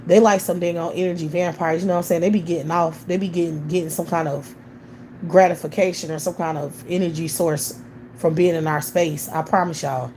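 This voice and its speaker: A woman's voice: on the low side, steady tone, fairly quick, mellow, a little hiss or hum. A woman hosting a livestream, ranting bluntly with heavy profanity. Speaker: livestream host. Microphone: computer or phone mic on a livestream.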